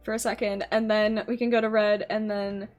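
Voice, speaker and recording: A woman's voice: mid-range voice, level tone, moderate pace, a little mellow, highs cut off, faint music behind. A woman moderating an online debate, cutting in to keep order and apologizing as she hands out turns.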